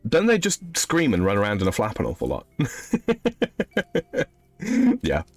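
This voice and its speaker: A man's voice: on the low side, huge pitch swings, slow pace, no room sound, soft background music. A man in his thirties streaming a game, casually rambling as he reads chat messages aloud and answers them. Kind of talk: casual live-stream chat while gaming.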